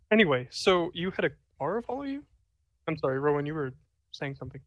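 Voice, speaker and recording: A man playing in a tabletop game, chatting in a jokey way and quick to apologize. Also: fairly high pitch, big pitch swings, highs cut off, slight background noise. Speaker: player. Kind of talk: casual role-play chat.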